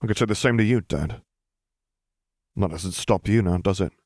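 Guy reading icy young son, clipped and cold, deep low voice, dry sound. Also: normal speed, a little mellow, no room sound. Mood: cold bitter. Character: icy defiant young man, grown son.

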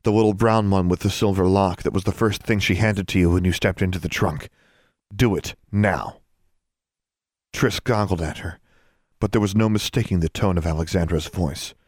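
A man reading fiction aloud as narrator in a measured, quietly dramatic way. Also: low voice, breathy edge, no room sound, clean studio sound.

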